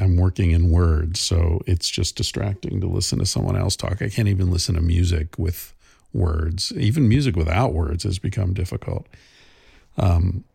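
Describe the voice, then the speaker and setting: Here a middle-aged podcast host delivers a casual monologue in a low, gravelly voice that's warm but slightly rough. He meanders thoughtfully, often restarting and using fillers, and the studio recording is clean without echo.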